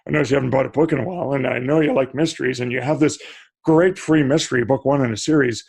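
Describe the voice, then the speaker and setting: A man's voice: mid-range voice, fairly even intonation, quick pace, gravelly, darkish tone, breathy edge, pitched above the performer's own voice. A man putting on a syrupy, coaxing salesman. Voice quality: shifting put-on accent. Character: smooth-talking male retail pitchman, overly friendly.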